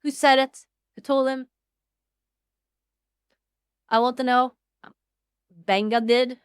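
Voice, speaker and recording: A woman streaming casually, excitable and foul-mouthed, swinging between loud outbursts and low mumbling. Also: slow pace, clean tone, dry recording, studio quality. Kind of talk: casual livestream chat.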